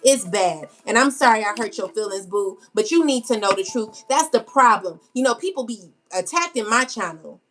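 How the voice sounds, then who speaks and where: A woman's voice: medium pitch, animated, moderate pace, few pauses, fairly bright tone. A woman tarot reader ranting to camera in unscripted, slangy speech, scolding bluntly and repeating herself for emphasis. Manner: casual slangy speech with many fillers. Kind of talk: unscripted spiritual rant to camera.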